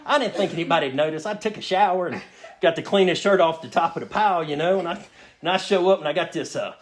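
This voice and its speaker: This recovery meeting speaker talks fast in a slightly high voice, sharing a comic personal story and loudly performing his own quotes. He's in a meeting room before a live audience, whose laughter is audible.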